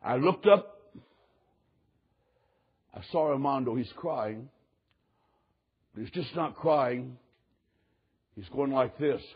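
A man preaching a sermon, telling a story in an animated way that swings from loud outbursts to hushed moments. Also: mid-range voice, takes it slowly, pauses often, breathy edge, dull audio.

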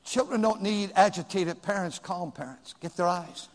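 An older man preaching a folksy sermon, swinging between loud outbursts and quiet asides. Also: high voice, normal speed, in a large hall. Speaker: pastor.

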